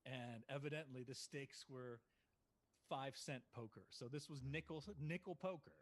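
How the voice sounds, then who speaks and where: A man's voice: medium pitch, normal speed. A middle-aged man telling a long anecdote as a guest, laughing and acting out what people said. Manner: lively, laughing, acts out quotes, shouts in bursts. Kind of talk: animated anecdote storytelling.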